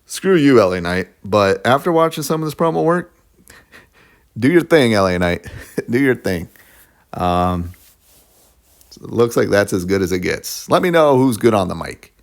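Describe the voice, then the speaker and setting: A man's voice: fairly low pitch, expressive, measured pace, vocal fry, pauses often. A man, a YouTuber, ranting casually to camera in a blunt, sarcastic way, laughing at his own jokes.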